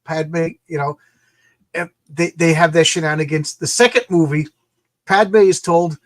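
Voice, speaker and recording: A man in casual podcast chat, animated, acting out quoted lines in different voices. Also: fairly high pitch, unhurried, no room sound. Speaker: podcast co-host.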